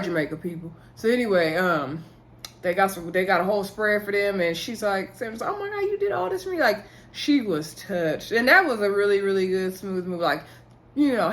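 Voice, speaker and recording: A woman casually recapping a TV episode, telling the story in an animated way, acting out what people said and laughing often. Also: medium pitch. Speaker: recap host.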